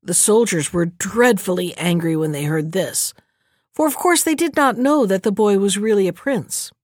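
A woman narrates a fairy tale audiobook in a steady, measured manner. Her voice sits mid-range for a woman. The recording is dry and close, with no room sound. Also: medium pitch, no echo.

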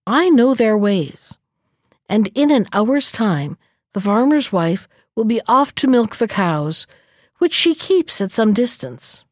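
A woman's voice: fairly high pitch, big pitch swings, slow, no room sound, clean studio sound. A woman voicing a timid little male hedgehog in a storybook reading, speaking in a fussy, nervous way. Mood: eager.

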